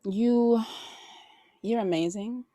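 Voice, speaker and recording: A woman's voice: on the high side, slow, warm tone, no room sound. A woman hosting a podcast, pouring out heartfelt, preacher-like affirmations to her guest in a casual chat. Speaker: podcast host.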